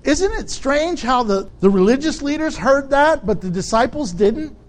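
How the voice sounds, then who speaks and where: A man's voice: very high-pitched, animated, moderate pace. A male pastor preaching a conversational sermon and asking his listeners rhetorical questions.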